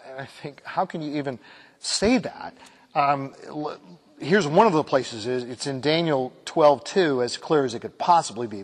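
A man preaching with emphatic conviction, stretching key words slowly as he reads scripture aloud. His voice sits a little higher than most men's. It rings out with a long hall reverb. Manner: emphatic, slows down on key phrases, quoting scripture. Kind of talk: sermon.

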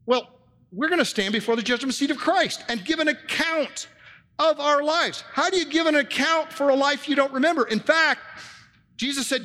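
High bright-voiced man preaching. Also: moderate pace, long reverb tail. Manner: earnest teaching tone, rhetorical questions to the congregation. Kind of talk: sermon. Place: church with handouts for listeners.

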